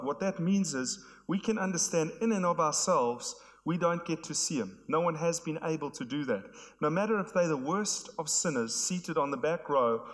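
A hoarse man, preaching an earnest sermon to his church. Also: a little high, fairly bright tone. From South Africa. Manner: earnest, repetitive emphatic phrasing. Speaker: pastor. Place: church hall. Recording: long hall reverb.

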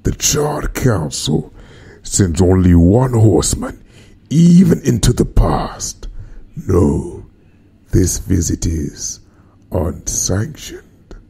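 A man voicing a stern, secretive male messenger, speaking slowly in a deep half-whisper. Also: big pitch swings, creaky, warm tone, husky, full character voice. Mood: ominous.

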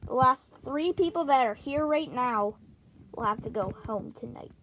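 A woman hosting a make-believe plush-toy game show in an excitable, playful way. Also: sits high, moderate pace, slight background noise, rough recording. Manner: excitable, jumps between characters' voices. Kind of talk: playful toy role-play narration.

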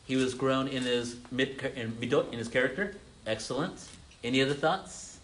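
During an interactive sermon, a male pastor calls on his congregation with questions and echoes their replies, frequently stammering and restarting. His pitch is ordinary and middle, his speed normal, his tone a bit bright. A faint hiss runs beneath the recording.

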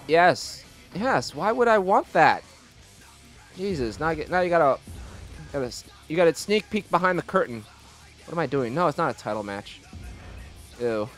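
Wybuchowy młody mężczyzna komentujący grę, wysoki głos, ciche tło muzyczne. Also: male voice, on the high side. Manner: excitable, profane, reacts loudly. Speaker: gaming YouTuber. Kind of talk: casual gameplay commentary.

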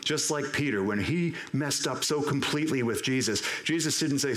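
A man preaching a sermon as pastor, animated and acting out the voices of the people he quotes. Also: medium pitch, normal speed, few pauses. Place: church sanctuary. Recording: roomy church echo.

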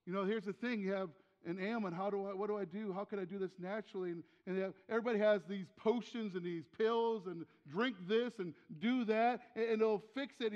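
An older male pastor with a high voice preaches in a church sanctuary, where long reverb trails his words. He keeps it conversational and throws out questions to the room, repeating his key lines for weight. The sound is dull and lo-fi. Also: a little mellow. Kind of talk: sermon.

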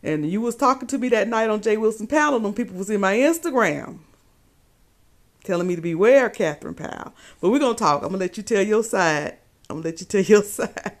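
A woman's voice: mid-range voice, lively intonation, brisk. A woman hosting a live stream, gossiping about a clip and greeting viewers by name. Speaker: livestream host. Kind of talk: casual commentary on a live stream.

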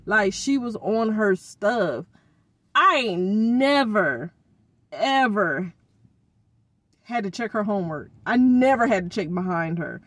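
Exasperated mom venting, slow and dry. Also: female voice, medium pitch, no room sound. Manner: exasperated, venting about her kids; expressive, uses informal slang. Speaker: vlogger. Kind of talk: casual vlog rant.

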